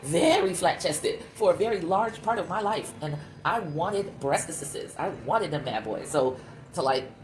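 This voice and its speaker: Low-voiced woman sculptor musing aloud. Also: unhurried. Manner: candid and reflective, musing aloud; addresses viewers as y'all. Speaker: clay sculptor. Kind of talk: casual talk while sculpting. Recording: steady background noise.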